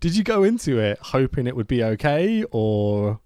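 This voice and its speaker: A man's voice: medium pitch, sing-song, normal speed, warm tone, clean tone, no room sound, studio quality. A young man hosting a casual podcast chat, talking animatedly, swearing and laughing often. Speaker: podcast host.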